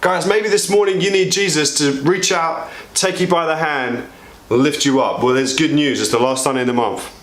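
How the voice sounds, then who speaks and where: A man preaching an energetic, joking sermon to his church, his pitch swinging widely as he appeals for volunteers. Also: normal speed, roomy sound. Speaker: pastor.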